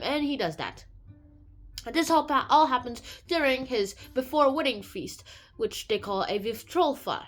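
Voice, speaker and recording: A woman summarizing a classic novel in a casual, chatty way, telling the story with quick asides. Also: high-pitched, animated, faint music behind. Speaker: video host.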